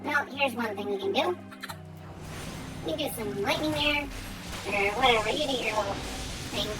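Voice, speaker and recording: A woman's voice: on the high side, normal speed, low-quality recording. A woman streaming a game, chatting casually and giggly as she plays. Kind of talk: casual gameplay commentary. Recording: game music playing underneath. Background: game music.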